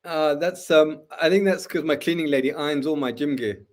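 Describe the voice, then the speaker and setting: A man's voice: a little high, moderate pace. Dry-witted older man. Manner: self-deprecating, dry humour. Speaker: guest gym owner. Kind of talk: casual interview chat.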